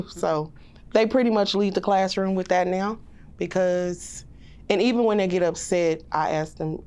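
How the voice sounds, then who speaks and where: A woman pre-K teacher with a fairly low voice tells her classroom stories in a plain, casual way. She often slips into quick, livelier voices to quote the children and her own replies to them. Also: warm tone. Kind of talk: casual storytelling in a podcast interview.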